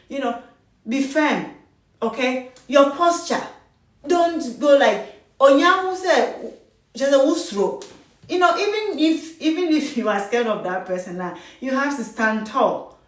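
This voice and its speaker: A woman's voice: fairly high pitch, animated, unhurried. A woman, a charge nurse, giving firm, emphatic advice in casual talk and mixing English with Twi. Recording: echoey room, voice from a distance.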